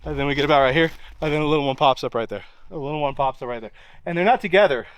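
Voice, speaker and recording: Casting note: man walking a site outdoors, clear voice a bit on the high side, loose rambling delivery. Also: very fast, rough recording. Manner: rambling, full of "like" and pointing "right here". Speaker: eyewitness recounting a hunt. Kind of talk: casual on-location retelling. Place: outdoors in a wooded area.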